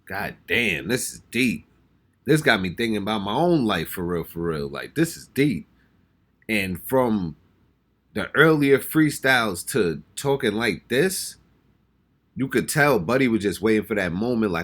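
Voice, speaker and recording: A man's voice: lowish voice, sing-song, measured pace, fairly bright tone. An American man hosting a reaction channel, talking casually and exclaiming as he reacts, often repeating himself. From United States. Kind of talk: casual music reaction commentary.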